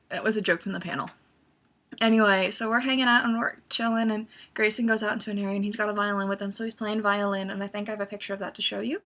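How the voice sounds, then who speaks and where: A young woman vlogging in a casual, storytelling way, animated and acting out her own excitement as she recounts events. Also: medium pitch, fast.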